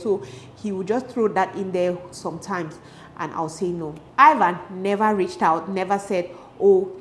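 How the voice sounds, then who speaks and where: A young adult woman telling a story from her school days in a lively storytime vlog, with loud exclamations and quoted dialogue. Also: medium pitch, slight background noise. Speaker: vlogger.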